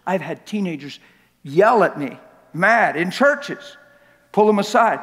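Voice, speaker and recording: A man with a high voice preaching a sermon in a large church hall, and his words ring out with a long reverb. He preaches with passion and acts out little scenes and voices to drive his points home. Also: expressive, unhurried, fairly bright tone. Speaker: pastor.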